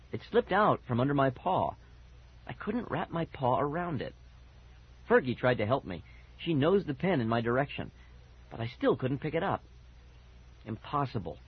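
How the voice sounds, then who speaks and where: A man narrating a first-person children's story with lively, animated expression. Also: mid-range voice, husky. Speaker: audiobook narrator. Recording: dull lo-fi audiobook recording.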